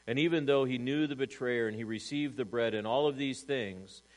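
A man pastor preaching a sermon to a church congregation, swinging from loud emphasis to hushed asides and asking rhetorical questions. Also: mid-range voice, normal speed, low-quality recording. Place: church service.

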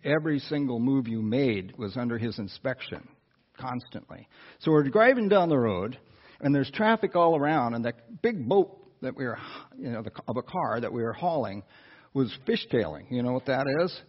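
A man preaching through a personal story, animated, with asides to the listeners. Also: mid-range voice, moderate pace. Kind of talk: storytelling sermon. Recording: dull lo-fi sound.

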